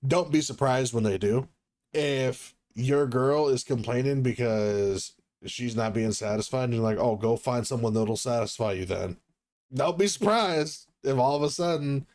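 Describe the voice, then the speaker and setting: A man's voice: medium pitch, a little mellow. Rambling, hesitant young man on a podcast. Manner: rambling, hesitant with many ums and restarts. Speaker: podcast co-host. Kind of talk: casual podcast chat.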